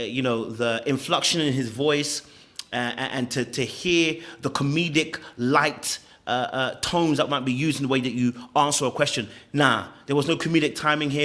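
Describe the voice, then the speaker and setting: This podcast host has a medium-pitched, somewhat bright voice as he reacts to clips. He delivers forceful, opinionated takes, often stammering and starting over.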